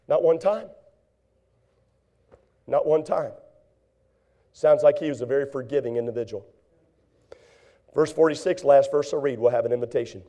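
A man preaching a sermon, acting out voices and swinging from loud, drawn-out scripture reading to hushed asides. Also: medium pitch. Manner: reads scripture in slow drawn-out tones.

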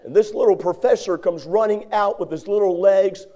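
Brief: male preacher with a high voice, folksy and animated as he tells a story from the pulpit. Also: moderate pace, a faint crowd. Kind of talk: sermon with a personal story.

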